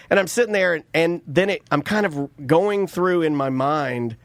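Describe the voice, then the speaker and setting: A man's voice: on the high side, normal speed, few pauses, a bit bright, dry recording. A man in his thirties, co-hosting a podcast and telling a rambling, joking family story with many restarts. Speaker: podcast co-host. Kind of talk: casual chat, storytelling.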